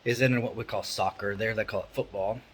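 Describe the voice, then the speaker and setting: A man's voice: lowish voice, fairly even intonation, brisk, a little hiss or hum, poor audio. A middle-aged man, talking casually and candidly to camera in a rambling vlog monologue from a room at home. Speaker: vlogger. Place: indoor room with an electric fan.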